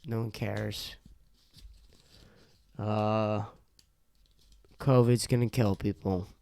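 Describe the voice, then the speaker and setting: A young man talks alone into a close, dry podcast mic, his voice smooth and clear. He rambles and swears, exasperated and a little tipsy, and his throat sounds sore from talking so long. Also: lowish voice, level tone, extremely slow, darkish tone, no echo. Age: young adult. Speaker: podcast host. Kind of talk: casual solo podcast rant.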